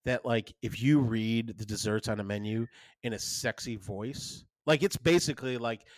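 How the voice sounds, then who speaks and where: Brief: thirties man, mid-pitched, rambling storyteller co-host, dry close mic. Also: moderate pace, dry recording. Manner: rambling, many restarts, animated storytelling. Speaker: podcast co-host. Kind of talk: casual chat.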